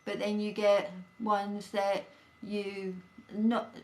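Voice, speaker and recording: A woman's voice: mid-range voice, completely flat delivery, drawn-out words, a little mellow. A woman talking earnestly and reassuringly in a casual two-person chat, with many fillers. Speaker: co-host.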